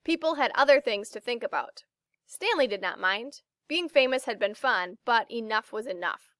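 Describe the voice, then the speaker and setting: A woman reading a children's book aloud, slow and expressive as she narrates. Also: fairly high pitch, no echo, studio quality.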